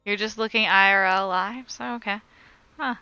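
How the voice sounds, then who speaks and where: A woman's voice: medium pitch, steady tone, moderate pace, pushed and bright, clear, resonant tone, dry recording, highs cut off, faint music behind. A woman on a crochet live stream, chatting casually as she reads viewer comments aloud and answers them.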